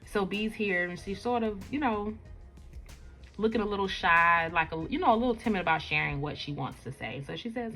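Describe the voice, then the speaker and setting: A woman's voice: on the low side, normal speed, a bit bright, faint music behind. A woman casually reading through her own webcomic, chatty and full of fillers. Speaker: webcomic creator. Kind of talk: casual comic read-aloud.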